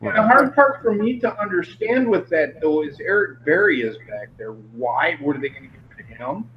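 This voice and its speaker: A man's voice: fairly high pitch, moderate pace. A man in a casual sports chat, telling stories bluntly and with lots of swearing. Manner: blunt, profane, animated storytelling. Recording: dull lo-fi mic with faint hiss.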